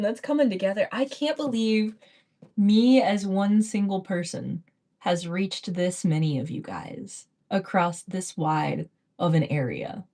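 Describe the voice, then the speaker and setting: A woman's voice: medium pitch, lively intonation, unhurried, dark tone. A young woman with a Texan accent, chatting playfully on a casual live stream while she crafts and talks to her viewers. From Texas.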